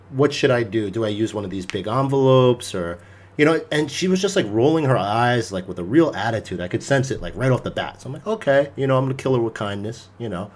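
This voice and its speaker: A young man hosts a casual podcast, telling a story with plenty of swearing and animated energy. His voice sits at an ordinary middle pitch for a man. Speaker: podcast host.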